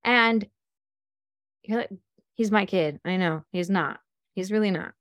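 A woman's voice: mid-range voice, unhurried, no echo. A woman giving an informal talk to a group, explaining ideas through examples and acting out little scenes with voices. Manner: animated, acts out scenes with voices. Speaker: speaker teaching self-inquiry.

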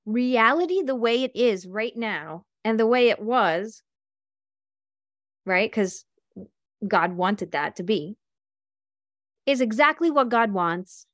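A woman's voice: on the high side, animated, takes it slowly, pauses often, fairly bright tone, no echo, studio quality. A woman coach giving a faith-based talk in a chatty storytelling manner, acting out the people she quotes. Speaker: life and business coach.

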